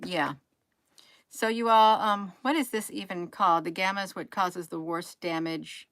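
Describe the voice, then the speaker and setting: Woman streamer, talkative and scolding, bright tone, dry sound. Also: fairly low pitch, normal speed, no echo. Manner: chatty, scolding, says "you all" often. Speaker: livestream host. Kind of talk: casual chat with viewers.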